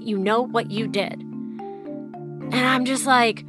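A woman's voice: on the high side, slow, pauses often, over music. A woman in her thirties telling a personal story in a casual, chatty way, acting out the dialogue and saying "like" a lot. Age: 30s. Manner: chatty, acts out quoted dialogue, heavy use of "like". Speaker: interviewee.

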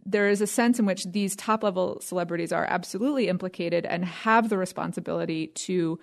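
A woman's voice: fairly low pitch, vocal fry. A woman on a discussion panel talking about a book, using "you know" and "um" often. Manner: quick, with "you know" and "um" fillers. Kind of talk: casual discussion.

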